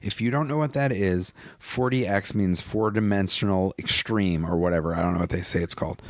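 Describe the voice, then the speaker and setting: Rambling, low-voiced male comedian. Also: fairly quick, dry recording. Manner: rambling, self-interrupting, anecdotal. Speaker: comedian giving director's commentary. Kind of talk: casual comedic commentary.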